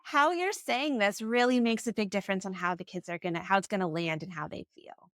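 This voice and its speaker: A woman's voice: medium pitch, brisk, a bit bright, no echo, clean studio sound. A woman co-hosting a parenting podcast, chatting in an agreeable way and sharing examples from her own family life. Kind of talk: casual podcast conversation.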